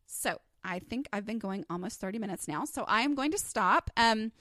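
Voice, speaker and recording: A woman's voice: medium pitch, expressive, normal speed, a bit bright, dry recording, clean studio sound. A woman with a Texas accent hosting her own podcast, talking candidly and casually with frequent fillers. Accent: Texan. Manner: candid, chatty, with many fillers. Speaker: podcast host. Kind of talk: solo podcast talk.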